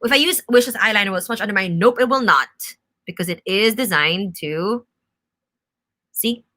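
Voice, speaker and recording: A young woman talks through a makeup tutorial on a live stream. Her voice is crisp and bright at an ordinary pitch. She explains each step in a chatty, instructive way and answers viewer questions as she goes. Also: normal speed. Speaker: makeup brand host.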